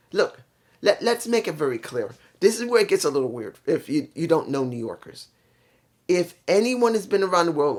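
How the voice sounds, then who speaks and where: A man giving a casual solo review of a wrestling show, rambling and often stopping to correct himself. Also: a little high. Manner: rambling, self-correcting, candid.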